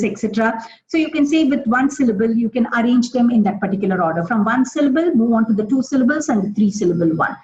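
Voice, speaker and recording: A middle-aged woman with an Indian English accent, giving a live webinar for teachers and explaining with many examples, often pausing on fillers and restarting. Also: fairly high pitch, darkish tone, lo-fi sound. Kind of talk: live webinar talk answering questions.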